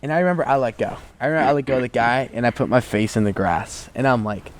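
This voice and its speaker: Young man, american-born guest, casual storytelling, animated delivery, filler-heavy. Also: mid-range voice, fast, slight background noise. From United States. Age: young adult.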